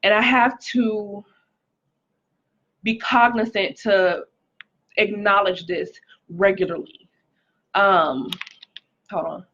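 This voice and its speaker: A woman's voice: medium pitch, fairly even intonation, slow, pauses often, fairly bright tone, highs cut off. Chatty woman giving a live testimony. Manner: chatty, greets viewers by name, frequent "like" and "um". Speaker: livestream host sharing a testimony. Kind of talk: casual live-stream testimony.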